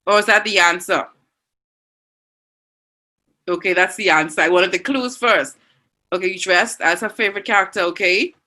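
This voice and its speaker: A woman teacher with a Bahamian accent, leading an online class and warmly reading out and praising students' answers. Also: mid-range voice, normal speed, long pauses, rough recording. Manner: encouraging, reads students' answers aloud with frequent praise.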